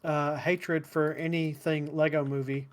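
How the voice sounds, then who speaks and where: A man's voice: fairly high pitch, level tone, measured pace. A man co-hosting a casual podcast, dry and blunt in his remarks. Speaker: podcast co-host.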